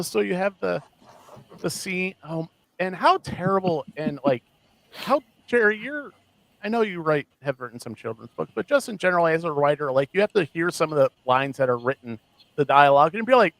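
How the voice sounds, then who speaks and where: A man co-hosting a podcast in casual chat, animated and laughing often as he mocks what he quotes. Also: high-pitched, normal speed, creaky, no echo, rough recording. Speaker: podcast co-host.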